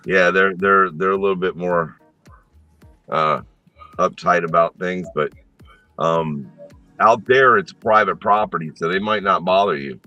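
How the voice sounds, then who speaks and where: A man chatting as a guest, explaining things in a relaxed way with small hesitations. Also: low-pitched, measured pace, pauses often, muffled recording, soft background music. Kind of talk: casual chat.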